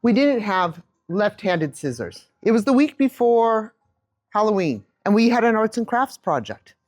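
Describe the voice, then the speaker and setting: Woman in her 50s doing a keynote, lively storytelling into a handheld mic, acts out the bits. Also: medium pitch, measured pace. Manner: animated storyteller, acts out quotes. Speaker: keynote speaker. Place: room with a live audience.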